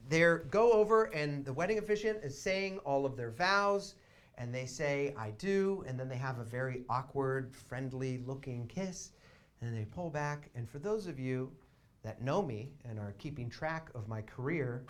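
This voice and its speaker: A young man telling a long comic story on a theater stage, chatty and wry, shouting quoted lines for effect. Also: medium pitch, expressive, moderate pace, a little hiss or hum. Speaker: comedian. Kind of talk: live storytelling stand-up. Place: small theater stage with audience.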